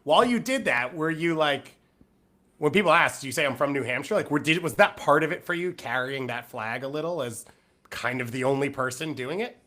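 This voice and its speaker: A man's voice: on the high side, expressive, brisk, sharp tone. A man co-hosting a podcast, chatting casually, teasing the guest and asking rambling questions. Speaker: podcast co-host.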